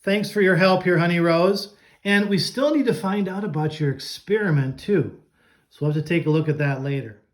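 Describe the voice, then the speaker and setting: A man teaching an online class, coaching students and drawing out each vocabulary word slowly and clearly. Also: high-pitched.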